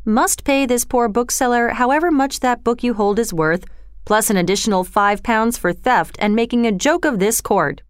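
A woman's voice: fairly high pitch, normal speed, clean tone, no room sound, studio quality, natural voice. A woman voicing a stern, scornful older male magistrate who talks in a curt, dismissive way in a storybook reading.

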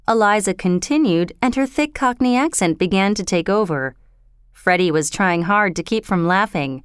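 A woman narrating a storybook in an expressive, steady reading voice. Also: fairly low pitch, moderate pace, clean tone, no echo, clean studio sound.

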